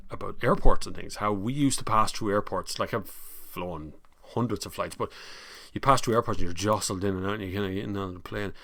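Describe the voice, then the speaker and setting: A man's voice: fairly low pitch, creaky, a bit bright, no echo, clean studio sound. An Irish man hosting a motoring live stream, chatting casually in a rambling way and reading out viewer comments. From Ireland. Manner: chatty and rambling, laughs easily.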